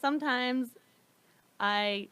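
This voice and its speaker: A young adult woman co-hosting a comedy podcast, telling stories in a casual, animated way and laughing often. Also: a little high, extremely slow, smooth. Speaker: podcast co-host. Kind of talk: casual chat, storytelling.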